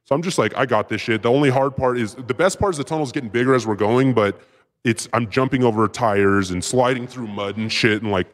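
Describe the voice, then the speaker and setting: A man telling a story as a podcast guest, rambling and profane, with excited bursts. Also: mid-range voice, brisk. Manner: profane, rambling, with filler words; excited bursts when retelling action. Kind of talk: casual storytelling.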